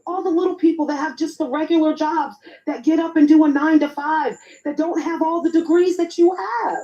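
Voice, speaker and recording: A woman with a high but mellow voice argues on an online podcast panel, blunt and pleading, dropping casual swears. Her audio is dull and lo-fi. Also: fairly quick. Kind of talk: heated panel argument.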